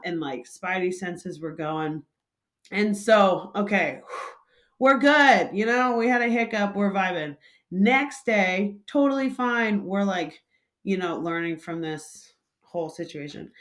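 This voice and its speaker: A woman hosting a casual vlog, telling a story in a chatty, loose way full of fillers. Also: fairly low pitch. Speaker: vlog host and coffee shop manager.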